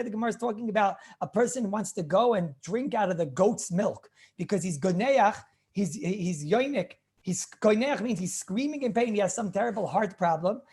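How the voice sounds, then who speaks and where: This high-voiced man is a rabbi lecturing informally about Jewish law. His anecdotes come out lively, punctuated by repeated phrases and throat-clearing.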